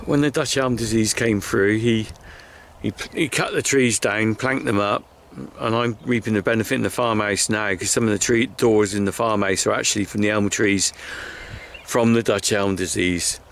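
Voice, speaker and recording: A man's voice: fairly low pitch, steady tone, moderate pace, fairly bright tone, slight background noise. A middle-aged man, a farmer vlogging outdoors by his hedgerows, talking in a chatty, heartfelt, rambling way with sighs. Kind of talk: casual walk-and-talk vlog.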